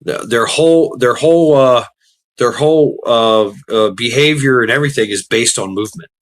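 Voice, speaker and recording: A man's voice: mid-range voice, normal speed. A man chatting casually while gaming, rambling with many restarts and fillers, swearing freely.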